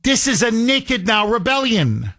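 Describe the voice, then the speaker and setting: A man's voice: very high voice, sing-song, a little slow, pushed and bright. A man hosting a political talk radio show, delivering a sarcastic, indignant monologue full of rhetorical questions and repetition. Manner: emphatic with repetition.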